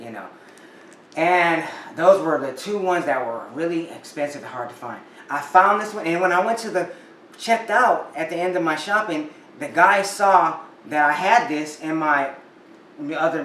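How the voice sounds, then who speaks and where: A man's voice: on the high side, fairly bright tone. A man telling a story in casual chat to camera, chatty and full of restarts as he talks about his records. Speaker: vinyl collector vlogger. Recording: roomy echo, a bit off-mic, faint room noise.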